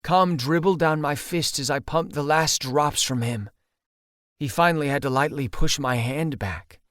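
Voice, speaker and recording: A man narrating an audiobook in the first person, steady and intimate. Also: on the high side, unhurried, no room sound, clean studio sound.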